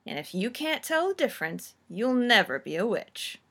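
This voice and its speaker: A woman's voice: a little high, very animated, moderate pace, a bit bright, exaggerated voice. A woman doing Nanny Ogg, a sly old witch. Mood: knowing.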